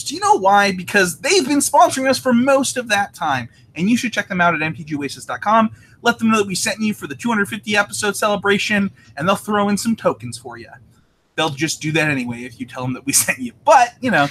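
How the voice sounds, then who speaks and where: Male podcast host, bright tense voice, slightly high, nervous and winded, faint noise behind. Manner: nervous, filler-heavy, laughing. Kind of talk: live podcast chat and sponsor reads.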